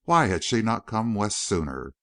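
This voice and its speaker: Man reading a western audiobook, low voice, very animated, dry close sound. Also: normal speed, no room sound. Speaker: audiobook narrator. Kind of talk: scripted narration.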